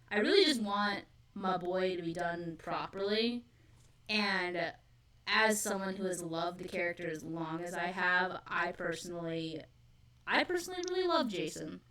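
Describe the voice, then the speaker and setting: Enthusiastic woman, low and distant. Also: fairly bright tone. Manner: enthusiastic, many fillers. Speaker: podcast co-host. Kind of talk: casual fan discussion.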